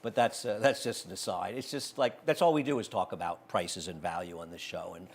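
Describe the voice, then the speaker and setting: A man's voice: deep voice, brisk, slight background noise. A man hosting a horse racing betting show, giving blunt, opinionated handicapping in casual chat.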